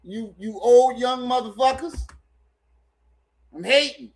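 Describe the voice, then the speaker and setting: A man's voice: extremely high pitch, measured pace. A man with ranting in a teasing, mock-jealous, repetitive way. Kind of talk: comic rant clip.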